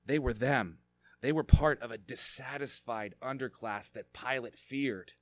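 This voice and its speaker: A man preaching a sermon, moving between quiet reflection and fervent, rising emphasis. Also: medium pitch, a little slow, dry recording. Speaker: pastor.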